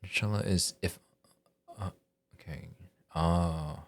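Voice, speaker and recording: A man's voice: sits low, fairly even intonation, slow pace, creaky. A man live-streaming a story game, chatting casually and thinking aloud with hesitant restarts.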